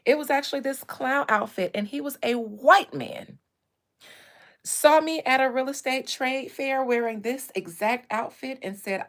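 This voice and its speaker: A woman hosting a casual livestream, telling stories in a candid, animated way with blunt language. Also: high voice, moderate pace. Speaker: real estate agent and livestream host.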